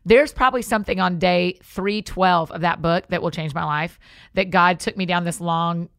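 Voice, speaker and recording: Low-voiced chatty woman host. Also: normal speed, creaky, a bit bright, no echo, clean studio sound. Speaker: podcast host. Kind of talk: casual faith chat.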